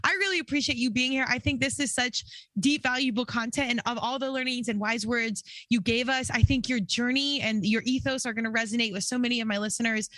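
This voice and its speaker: A woman's voice: on the high side, fairly bright tone, no room sound. A woman hosting a podcast interview, effusive and chatty in casual conversation. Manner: effusive, quick-talking. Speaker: podcast host.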